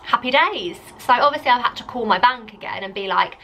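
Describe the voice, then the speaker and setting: A woman's voice: fairly high pitch, expressive, fairly quick, sharp tone, dull audio. A young woman telling a story to camera in a chatty vlog, exasperated and talking with lots of "like". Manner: chatty, exasperated, heavy use of "like". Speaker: vlogger.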